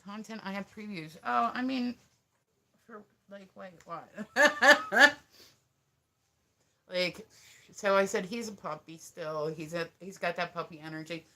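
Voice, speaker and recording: Woman, 30s, livestreamer; bright, crisp tone, meandering and salty. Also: mid-range voice, measured pace, pauses often. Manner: rambling, profane, filler-heavy talk. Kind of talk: casual livestream chat.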